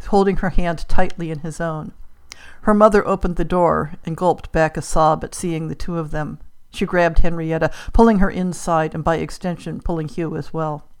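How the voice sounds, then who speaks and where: A woman host narrating a story in a measured reading voice, going softer on the quiet lines. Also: deep voice, smooth. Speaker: podcast host. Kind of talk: scripted narration.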